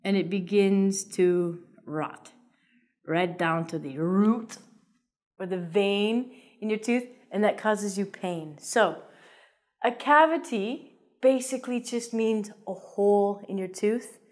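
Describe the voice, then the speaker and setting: A woman's voice: medium pitch, slow pace, darkish tone. A woman teaching an English vocabulary lesson in a playful, jokey way, with theatrical asides.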